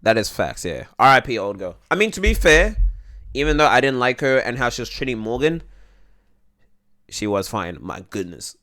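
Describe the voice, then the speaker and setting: A man's voice: mid-range voice, very animated, normal speed, pushed and bright. A young man streaming live, chatting casually with his viewers and answering their questions in a rambling way full of fillers.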